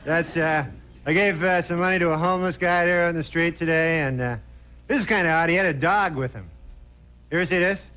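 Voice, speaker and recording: High-voiced deadpan stand-up comedian. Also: male voice, a little fast. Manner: deadpan, rambling, many "you know" fillers. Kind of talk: stand-up monologue. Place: late-night TV studio stage. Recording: noisy 1990 TV broadcast audio.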